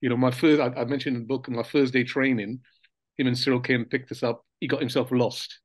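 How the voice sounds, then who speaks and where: An older man, a former footballer, recounting memories in a relaxed, reflective way with fillers and soft laughs. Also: mid-range voice, a little fast, no room sound. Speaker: interview guest, former footballer. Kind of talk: casual reminiscing interview.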